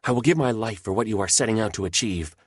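A man voicing an eager young male recruit who speaks in a hushed, earnest way. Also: lowish voice, quick pace, slightly rough, no echo, studio quality.

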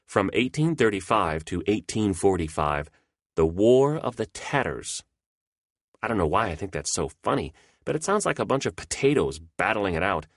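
A man's voice: lowish voice, dry recording, studio quality. A man narrating humorous history in a wry, playful way.

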